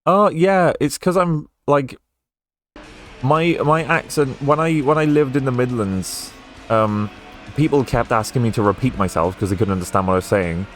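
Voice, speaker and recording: A man with a softened Welsh accent, chatting casually and rambling while he streams a racing game. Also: mid-range voice, moderate pace, soft background music. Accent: Welsh, Newport area, softened toward English. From Wales. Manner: rambling and chatty, with frequent fillers and restarts.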